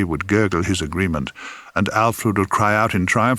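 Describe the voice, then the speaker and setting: A man reading his own memoir aloud in a wry, theatrical way, sometimes dropping to a hush. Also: low-pitched, normal speed, dry recording, studio quality. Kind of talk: audiobook memoir narration.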